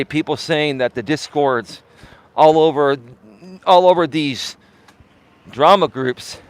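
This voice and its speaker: A middle-aged man, a life coach hosting a live stream, talking with heavy emphasis and swinging between highs and lows.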